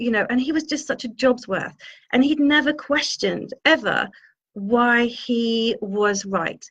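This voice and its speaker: A woman's voice: a little high, a little slow, fairly bright tone. A woman, a spiritual healer, telling a personal story in a meandering way and searching for her words. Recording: dull lo-fi sound.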